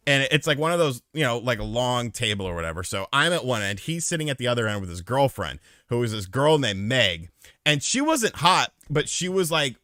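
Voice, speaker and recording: In a dry, clean studio recording, a man with a mid-range voice hosts a podcast aftershow. He's animated, telling a profane story casually and answering viewers as he reads the live chat.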